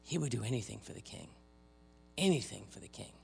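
Gravelly-voiced older male preacher. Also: mid-range voice, lively intonation, a little fast. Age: 50s or older. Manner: conversational preaching, dramatic readings of scripture, swings between loud and soft. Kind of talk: sermon.

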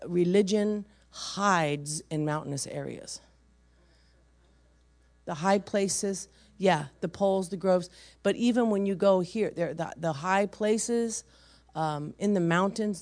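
A woman preacher telling a story to her church, animated and emphatic, acting out the voices of the people in it. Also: sits low. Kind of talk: sermon storytelling to a congregation.

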